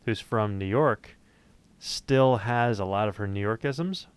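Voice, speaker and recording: A man's voice: lowish voice, measured pace, clean tone, dry recording. A man with daughters telling a joking story in casual chat. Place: the American South.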